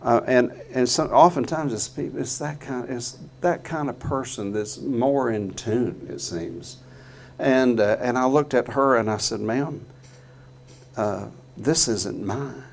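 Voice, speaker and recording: A middle-aged man telling an earnest, folksy story to a live audience in a guitar showroom, halting often with fillers. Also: medium pitch, gravelly, slight background noise.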